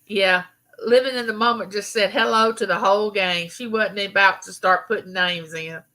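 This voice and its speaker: This YouTube host has a medium-pitched, steady voice that is bright and forceful, delivered at normal speed on a low-quality recording. She's a middle-aged Southern woman from Mississippi who welcomes viewers by name in a relaxed live chat.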